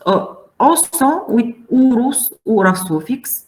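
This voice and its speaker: Slow, methodical woman teaching a class. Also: on the high side, expressive, a little mellow, a little hiss or hum, poor audio. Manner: methodical, spelling out terms slowly. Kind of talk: classroom lecture.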